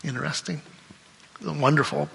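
Conversational preacher in a reverberant hall. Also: male voice, fairly high pitch, steady tone, normal speed, gravelly, fairly bright tone, breathy edge. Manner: conversational, often asks "right?". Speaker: pastor. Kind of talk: sermon.

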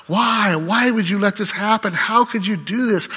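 A man's voice: high-pitched, normal speed, pushed and bright, breathy edge, long reverb tail, pitched above the performer's own voice, heavily acted. A man voicing grieving, bewildered disciples who plead and question in anguish. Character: grieving bewildered disciples crying out to their lord.

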